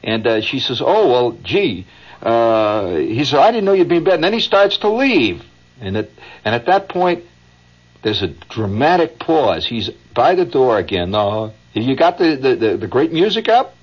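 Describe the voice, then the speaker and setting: Male radio raconteur, husky and lively, old muffled broadcast. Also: mid-range voice, measured pace. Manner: animated anecdote with chuckles and asides. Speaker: radio host. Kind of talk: rambling radio storytelling.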